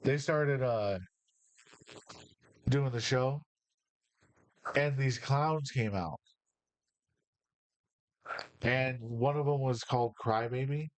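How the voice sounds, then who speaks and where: Man, podcast host, rambling storyteller, swears a lot, mid-pitched voice, dry close sound. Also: slow, long pauses, no echo. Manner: rambling, profane, fired up. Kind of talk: casual storytelling.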